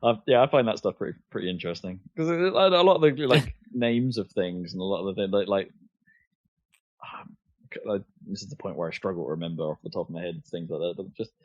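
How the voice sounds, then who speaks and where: A man's voice: low-pitched, brisk, no echo. Hesitant man on a lo-fi podcast. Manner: hesitant, many fillers and restarts. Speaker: podcast co-host. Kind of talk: casual chat. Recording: dull lo-fi podcast audio.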